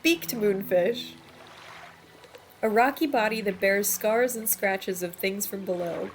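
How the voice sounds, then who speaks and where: Unhurried woman streamer over game music. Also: medium pitch, slight background noise. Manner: reads item descriptions, then reacts with laughs and disgust. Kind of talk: let's play, reading game text aloud.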